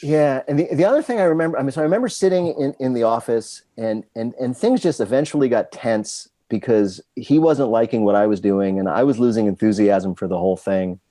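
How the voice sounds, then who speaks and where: Fairly quick and barely pausing, the guest screenwriter talks in a warm, medium-pitched voice on a dry recording. He meanders through self-deprecating stories in a casual interview, repeatedly restarting his thoughts.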